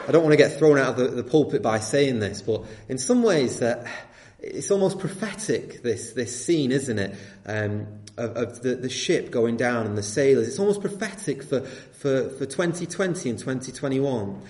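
A man preaching a sermon, swinging between loud urging and quiet, earnest appeals to his listeners. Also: medium pitch. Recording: echoey room.

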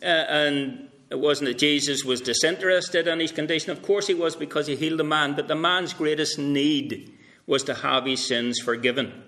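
A man's voice: a little high, fairly even intonation, normal speed, pushed and bright. A male pastor preaching a sermon at a carol service, telling a story in a conversational way with asides. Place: church.

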